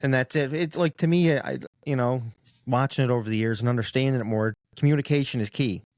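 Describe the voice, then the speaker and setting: A man's voice: medium pitch, fast, darkish tone, no echo, clean studio sound. A man hosting a podcast interview who chats casually and offers short, encouraging reactions.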